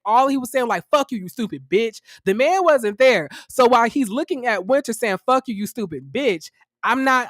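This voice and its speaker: A man hosting a livestream review of a reality show, tired, talking casually to his viewers in a profane, incredulous, animated way. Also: sits high, no echo, clean studio sound. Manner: chatty, addresses viewers as y'all.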